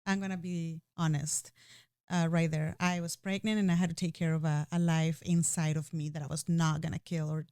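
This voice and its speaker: A woman's voice: low voice, level tone, moderate pace, mellow, clean tone, dry recording, clean studio sound. A woman speaking candidly and emotionally in a personal conversation, often restarting her sentences. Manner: emotional, earnest, with frequent restarts and "you know".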